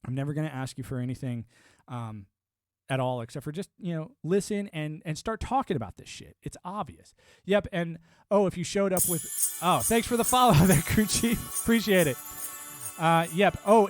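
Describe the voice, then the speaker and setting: A man's voice: a little high, normal speed, no echo, studio quality, faint music behind. Profane, combative man ranting live. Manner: profane, combative, laughs often; former military and network engineer talk. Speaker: live streamer. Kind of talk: casual live-stream rant.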